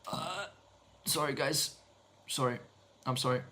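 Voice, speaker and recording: A young man chatting casually to his viewers while editing video, excitable and swearing as he works. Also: medium pitch, a little slow. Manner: excitable, swears, talks to chat. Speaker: video editor streamer.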